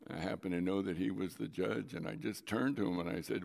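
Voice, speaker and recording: A man's voice: low-pitched, fairly quick, vocal fry, hardly any pauses, a little mellow, in a large hall. A man preaching a sermon as a pastor, telling a personal story with emphasis and drawing out key words.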